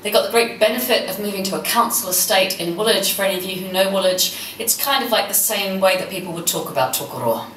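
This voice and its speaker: A woman in her fifties from New Zealand gives a lively, humorous keynote with mid-pitched warmth and conviction. She sounds a little distant from the mic in a reverberant conference hall. A faint background hum runs under her. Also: quick pace, few pauses. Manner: humorous, passionate storytelling. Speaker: keynote speaker. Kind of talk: conference talk.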